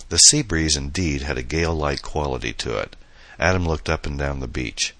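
A man reading an audiobook novel as narrator, in steady, measured storytelling. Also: very deep voice, no echo. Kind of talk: scripted narration.

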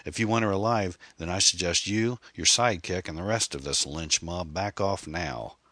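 A man's voice: very deep voice, sing-song, fairly quick, a bit bright, breathy edge, no echo, studio quality, full character voice. A man reading a novel aloud, voicing a cornered male killer who taunts and curses. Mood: menacing.

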